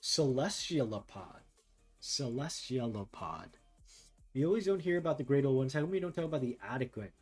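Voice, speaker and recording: A man streaming while he draws, chatting casually with viewers, thinking out loud and reading text aloud haltingly. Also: medium pitch. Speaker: art streamer. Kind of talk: casual livestream chat while drawing.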